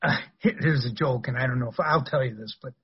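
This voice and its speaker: A man's voice: mid-range voice, fast talker, breathy edge, lo-fi sound. An older man, a former wrestler, telling rambling anecdotes in a casual interview, laughing through his stories.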